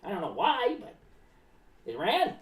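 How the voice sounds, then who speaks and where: A woman's voice: mid-range voice, huge pitch swings, a little slow, far from the mic. A woman voicing a rambling, eccentric clown who talks about himself in the third person and is paranoid about cats, streaming live. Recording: echoey room, voice away from the mic.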